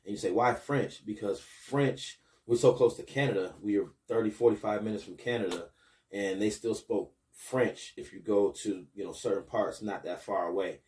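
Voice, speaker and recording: A man in his thirties from Buffalo, New York, hosts a casual podcast. His voice sits low and mellow, picked up a little way off from the mic. He talks to his viewers and gets more energetic when he pushes them to share the show. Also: moderate pace, far from the mic. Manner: hypes up viewers, rising excitement with promos. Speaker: podcast host and basketball coach.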